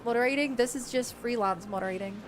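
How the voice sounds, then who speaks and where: A woman's voice: a little high, quick pace, a little hiss or hum. A woman streamer giving casual, playful commentary while she plays, joking with chat and laughing often.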